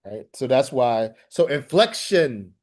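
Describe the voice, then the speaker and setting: A man lecturing a language class at a middle pitch. He keeps asking the student questions, repeating himself and restarting phrases as he explains. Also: very animated, takes it slowly, a little mellow. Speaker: teacher.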